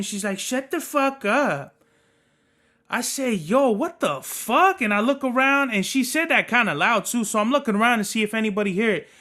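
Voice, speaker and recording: A young man hosting a podcast, telling work stories in an animated, profane rant. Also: high voice. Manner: animated, cursing, storytelling. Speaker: podcast host.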